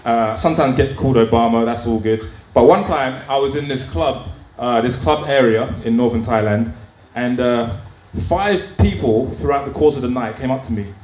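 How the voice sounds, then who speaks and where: A man does open mic stand-up in a small comedy club, telling crude stories in a chatty way packed with fillers. His mid-range voice is a little mellow and moves at a normal speed. The roomy club sound carries a faint ambience.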